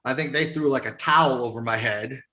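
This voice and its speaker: A man's voice: mid-range voice, brisk. A middle-aged man telling wrestling stories in a casual interview, swearing often and laughing as he goes. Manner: profane, laughing, animated storyteller. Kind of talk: casual storytelling.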